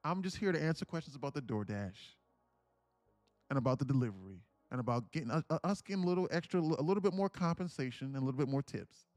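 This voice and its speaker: A man's voice: mid-range voice, lively intonation, fast, a little mellow, no room sound, close to an everyday voice. A man voicing a nervous older woman delivery worker who hesitates and stalls before she answers. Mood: cautious.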